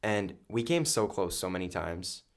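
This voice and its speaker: A young man with a strikingly deep, low voice chats casually as a guest on a podcast. His intonation is lively and his pace moderate as he earnestly rambles through his story, relying heavily on filler words.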